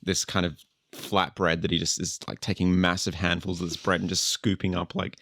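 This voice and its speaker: A man describing his character's actions as a player in a tabletop game, in a relaxed, descriptive way. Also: deep voice, brisk, dry recording, clean studio sound.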